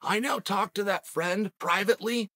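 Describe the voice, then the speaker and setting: A man's voice: high-pitched, moderate pace, pushed and bright. A man hosting a sports podcast, giving a casual commentary monologue with emphatic, punchy rhetorical delivery. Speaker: MMA podcast host.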